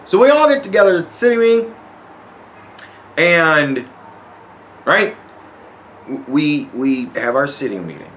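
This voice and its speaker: A man hosting a podcast, telling a story casually in a profane, animated way and acting out other people's lines. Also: on the high side, unhurried, long pauses, rough recording. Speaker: podcast host.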